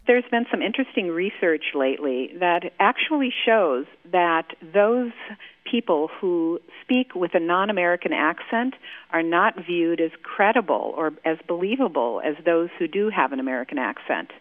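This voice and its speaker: A woman accent coach speaking as a radio interview guest, explaining clearly and slowing down to demonstrate sounds. She comes through a tinny phone line with a dry, close sound. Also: lowish voice, lively intonation, no room sound.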